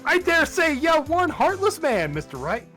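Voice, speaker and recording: A man's voice: very high voice, wildly swooping pitch, normal speed, music in the background, pitched above the performer's own voice, heavily acted. A man voicing a brash, nosy Southern woman photographer from a video game, with a folksy put-on Southern drawl and a teasing manner. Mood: sassy. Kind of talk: game dialogue read-along.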